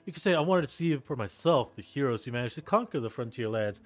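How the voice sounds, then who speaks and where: A man voicing a polite, eager young male noble heir with a smooth, earnest manner, reading game dialogue aloud. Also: mid-range voice, lively intonation, fast talker, no room sound, close to an everyday voice. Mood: persuasive.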